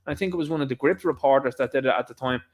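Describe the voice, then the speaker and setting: A man's voice: mid-range voice, racing. A man with a Dublin Irish accent, hosting his own channel, giving rambling, combative political commentary in an impassioned way. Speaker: channel host.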